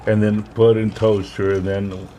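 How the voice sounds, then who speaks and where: A man in his forties talks with a relaxed, offhand manner, dropping casual swears and calling his friend dude. His voice sits on the low side. Faint background noise hangs under the chat. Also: unhurried, low-quality recording. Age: 40s. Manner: laid-back, swears casually, calls people dude. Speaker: podcast co-host.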